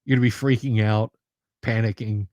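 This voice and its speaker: A man's voice: fairly low pitch, steady tone, brisk, darkish tone, dry recording, studio quality. Rambling, jokey male livestream host. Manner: rambling, jokey, laughs often. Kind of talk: casual chat.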